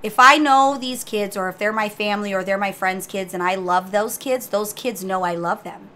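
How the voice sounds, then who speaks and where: A woman co-hosting a casual gaming podcast, telling stories in a brash, profane, teasing way. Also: medium pitch. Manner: brash, profane storyteller, animated and quick to tease. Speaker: podcast co-host and guild master.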